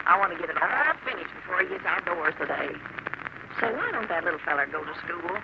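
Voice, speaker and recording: A woman's voice: on the low side, lively intonation, quick pace, lo-fi sound, natural voice. An actress playing a brash, bossy country woman who teases in a drawling rural dialect, in 1940s radio acting. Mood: teasing. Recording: hissy old radio broadcast.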